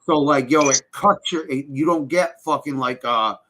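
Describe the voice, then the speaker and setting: A man's voice: mid-range voice, moderate pace, sharp tone, a little hiss or hum. A young man in casual podcast chat, telling a rambling, profane story and often checking in with "right?".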